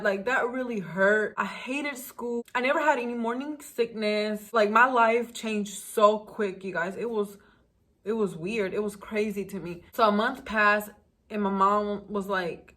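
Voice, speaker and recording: A woman's voice: mid-range voice, steady tone, measured pace, fairly bright tone. Emotional young woman telling her story. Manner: emotional, talks straight to viewers. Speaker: vlogger. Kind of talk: casual storytime.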